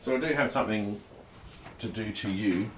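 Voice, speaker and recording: A man's voice: lowish voice, normal speed, roomy sound, background noise. A man helping on a livestream, giving brief instructions for a camera setup. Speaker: helper setting up a camera.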